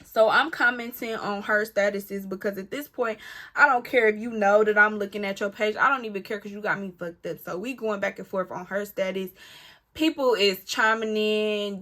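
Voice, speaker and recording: A woman vlogger telling a personal story to camera in an animated, emphatic, candid way, often talking straight to her listeners. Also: mid-range voice, normal speed. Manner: candid and profane, talks back to her rival.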